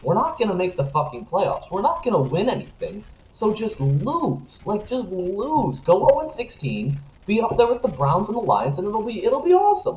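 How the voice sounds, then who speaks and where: A young man rants about sports on a casual podcast, his voice jumping all over the place from muttered complaints to sudden yelling. His pitch sits a little high. The audio is dull and echoey, as if from a bare room. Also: slight background noise. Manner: animated, profane, jumps between grumbling and shouting. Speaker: podcast co-host.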